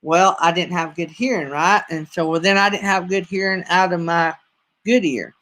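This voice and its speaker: High-voiced Alabama man chatting folksily. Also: fairly even intonation, normal speed, sharp tone. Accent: Southern US, Alabama. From North Alabama. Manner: rambling, folksy, addresses viewers as y'all. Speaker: livestream host. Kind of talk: casual live-stream chat with viewers.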